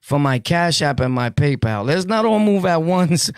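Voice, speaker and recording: A man with a New York accent telling his prison stories to viewers in a casual, jokey way, full of street slang and quick laughs. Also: on the high side, animated, smooth, no echo, clean studio sound.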